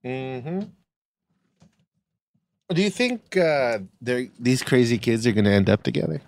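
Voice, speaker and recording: Teasing male podcast host, smooth voice. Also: medium pitch, expressive, a little mellow. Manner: teasing, deliberately obtuse banter. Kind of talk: casual chat.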